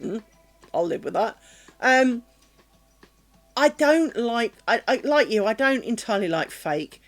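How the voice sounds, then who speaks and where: A woman's voice: on the high side, lively intonation, a little slow, faint music behind. A British woman streaming her craft work, chatting candidly and rambling, with a self-deprecating streak and the odd swear word. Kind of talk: casual chat. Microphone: streaming mic.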